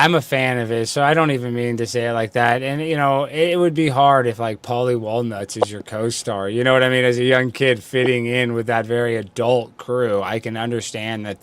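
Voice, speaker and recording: A man's voice: mid-range voice, no echo. Rambling, opinionated male host. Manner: rambling, opinionated, thinks aloud. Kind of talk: casual interview talk.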